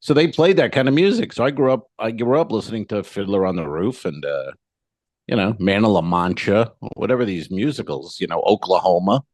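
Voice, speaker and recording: A man with a lowish voice tells a rambling story on a comedy podcast, acting out both sides of the conversation. He swears freely and keeps it loose. The sound is dry and close, with no room around it. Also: expressive, brisk, a little mellow, no room sound. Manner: profane, storytelling, acts out both sides of dialogue. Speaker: podcast co-host. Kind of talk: casual comedic chat.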